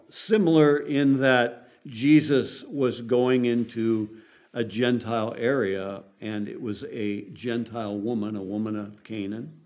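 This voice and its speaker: A man preaching slowly and earnestly, leaning on key words with emphasis. His voice sits at a middle pitch. The recording is dull and lo-fi. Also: darkish tone. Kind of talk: sermon.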